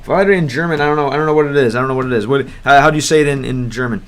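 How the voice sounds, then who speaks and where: A man's voice: mid-range voice, steady tone, rapid-fire, smooth. An American man streaming a game, chatting in a rambling, hesitant way and sounding out foreign words as he goes. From United States. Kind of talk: livestream gameplay chat.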